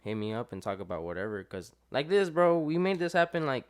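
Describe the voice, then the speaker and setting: A young adult man, a podcast guest, telling a story in casual chat, with lots of fillers and quotes acted out in lively voices. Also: mid-range voice, a little fast, smooth.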